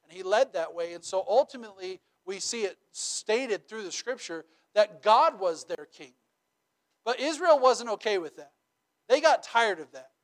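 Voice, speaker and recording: High-voiced chatty preaching man. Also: moderate pace. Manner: conversational, checks in with rhetorical questions; animated storytelling with humor. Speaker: pastor. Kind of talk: sermon.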